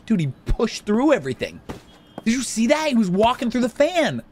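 Excitable man with a lively voice. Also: very high voice, brisk, a little hiss or hum. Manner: excitable, jokey, talks to game characters. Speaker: gaming video host. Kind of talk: casual let's-play commentary.

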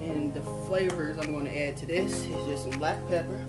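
A woman's voice: deep voice, moderate pace, loud music behind the voice. A woman filming a family vlog at home, chatting to viewers with lots of laughs while she cooks in her kitchen. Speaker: family vlogger, mom. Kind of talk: casual vlog chat and cooking talk.

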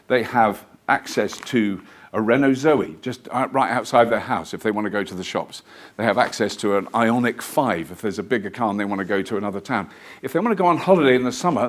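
A man giving a live lecture to an audience in a museum lecture theatre, telling stories in a chatty, rambling, self-deprecating way. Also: mid-range voice. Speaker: guest lecturer.

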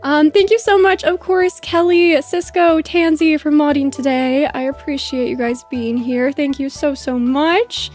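Bubbly high-voiced woman streamer. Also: steady tone, measured pace, few pauses, a little mellow, soft background music. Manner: gushing, bubbly thank-yous to chat. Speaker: live streamer. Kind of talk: live stream chat.

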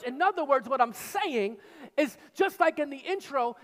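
Pastor, male, high-pitched, forceful repetitive preaching, long church-hall reverb. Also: animated, moderate pace. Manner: emphatic preaching with repetition, rising to shouts. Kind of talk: sermon.

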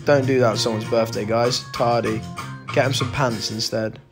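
A man's voice: medium pitch, steady tone, moderate pace, over music. A young man hosting a casual band live stream, joking and reading out fan comments. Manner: chatty, jokey, reads out fan comments.

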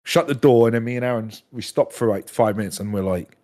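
A man's voice: mid-range voice, quick pace, darkish tone. A man in his thirties, a podcast guest, telling a story in casual chat, swearing freely and acting out the other people's lines.

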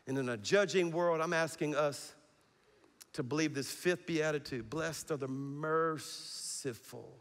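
A middle-aged male pastor preaches with an animated delivery, pulling the congregation into call-and-response. His voice sits a little high for a man, and it carries through the long reverb of a large church hall. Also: unhurried. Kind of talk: sermon.

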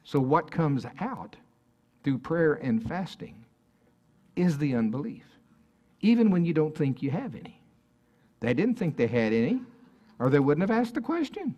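A man's voice: fairly high pitch, very animated, a little slow, long pauses, mellow. A man preaching a sermon at a church service in a conversational way, often asking the congregation questions.

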